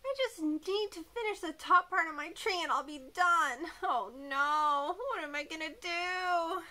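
Woman doing a shy young girl, high, slow, bright tone, timid, polite, children's lesson. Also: full character voice. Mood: worried. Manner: timid and worried, then politely asking.

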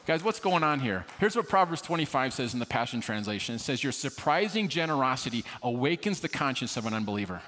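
Fast-talking male pastor in a reverberant hall. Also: medium pitch, very animated, a crowd in the background. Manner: humorous, self-deprecating storyteller. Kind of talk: sermon storytelling. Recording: long reverb of a large hall.

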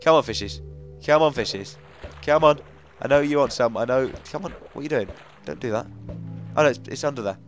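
A young man gives chatty let's-play commentary in a medium-pitched voice, coaxing the game along and grumbling when it goes wrong. He breaks into excited outbursts now and then. Faint music plays softly behind him. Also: fairly quick, pauses often. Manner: chatty, coaxing, easily frustrated, bursts of excitement. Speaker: gaming commentator.

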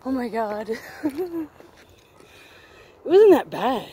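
A woman's voice: sits high, big pitch swings, extremely slow, warm tone, a little hiss or hum. A woman vlogging as she hikes up a park hill, out of breath and chatty, poking fun at herself as she talks to the camera. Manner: chatty, self-mocking, talks to camera while hiking uphill. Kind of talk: casual walking vlog.

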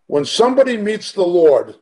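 Emphatic middle-aged Bible teacher. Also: male voice, sits high, very animated, normal speed, mellow. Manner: earnest, emphatic preaching with rhetorical questions. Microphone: video call.

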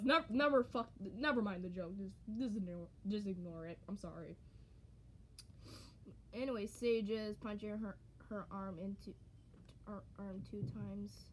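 Filmed on a handheld camera with a little hiss or hum, a young YouTuber reads her own old writing in a mid-range voice, a touch slowly. She peppers the reading with swearing, laughter and self-mockery for comic effect.

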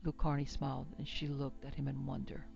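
A woman narrating a classic western story in a measured, even reading. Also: extremely low pitch, creaky, highs cut off, faint music behind. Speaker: narrator and producer.

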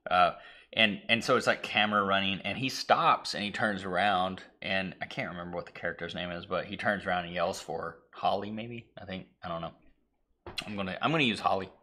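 A man co-hosting a casual talk stream, rambling through a film's plot and acting out its lines with sudden shouts and whispers. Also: deep voice, fairly even intonation, brisk. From Irish heritage (family, not place). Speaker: podcast co-host. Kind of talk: casual chat retelling a movie.

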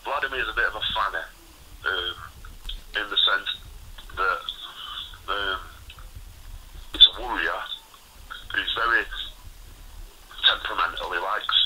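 Low, sharp-toned man. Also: a little hiss or hum, poor audio. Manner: rambling, many restarts and fillers, candid. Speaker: retired boxer, interview guest. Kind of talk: casual interview storytelling.

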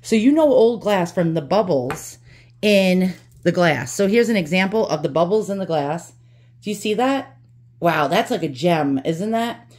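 A woman's voice: medium pitch, darkish tone. A middle-aged woman with a New York accent, chatting casually and giggling as she shows her glass collection. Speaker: antique collector vlogger. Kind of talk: casual show-and-tell.

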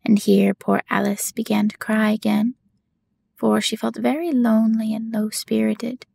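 A woman narrating a bedtime audiobook in a soft, unhurried whisper. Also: on the high side, flat delivery, vocal fry, slightly rough.

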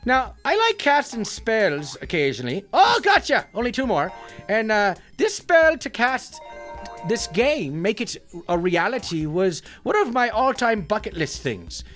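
A man voicing a cheeky, excitable Irish leprechaun who plays a mobile game and shouts at the action, in an Irish accent. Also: high-pitched, unhurried, exaggerated voice. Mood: excited. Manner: excitable, exclamatory, jokey stage-Irish. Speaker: gaming channel character. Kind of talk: playing a mobile game with commentary. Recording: faint background music.

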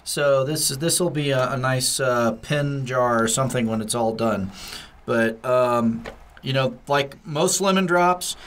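A man's voice: mid-range voice, measured pace, a bit bright. A man co-hosting a podcast, chatting casually as he explains a candy with many fillers. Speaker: podcast co-host. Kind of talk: casual food-tasting chat.

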